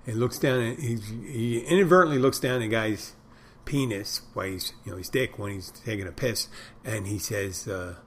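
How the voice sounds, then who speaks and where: Rambling middle-aged male podcaster, low voice. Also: moderate pace, a little hiss or hum. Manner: meandering storyteller, tells crude jokes. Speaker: podcast host. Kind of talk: rambling casual monologue.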